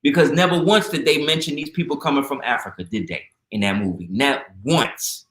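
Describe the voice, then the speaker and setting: Animated man telling stories, roomy sound. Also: mid-range voice, fairly quick. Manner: animated storyteller, acts out quoted voices. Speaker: guest. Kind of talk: casual storytelling talk. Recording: roomy echo.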